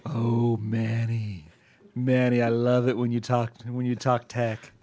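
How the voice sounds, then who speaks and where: A man putting on a mock-seductive, breathy woman's voice as a flirtatious female fan caller, in a dry close-mic podcast recording. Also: medium pitch, completely flat delivery, slow, dark tone, lightly acted. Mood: mock-sultry.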